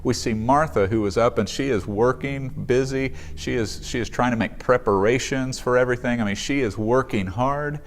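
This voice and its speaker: A man's voice: mid-range voice, moderate pace, few pauses. A male pastor giving a sermon in an earnest, conversational way in a church sanctuary.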